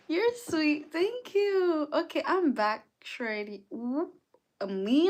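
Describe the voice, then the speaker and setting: A woman's voice: high-pitched, sing-song, takes it slowly. A young woman hosting a casual live stream, chatting, greeting viewers by name and answering their comments. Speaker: livestream host.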